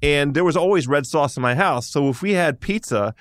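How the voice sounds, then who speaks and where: A man's voice: fairly high pitch, fairly quick, dry recording, studio quality. A middle-aged man hosting a casual food chat, rambling and hesitant with many restarts. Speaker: podcast host.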